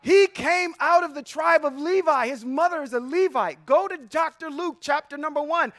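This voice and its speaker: Man, very high voice, emphatic preacher reading and unpacking scripture, dry close sound. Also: normal speed, dry recording. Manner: emphatic, preacherly, swings between loud and quiet asides. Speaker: teacher. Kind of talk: sermon-style bible teaching.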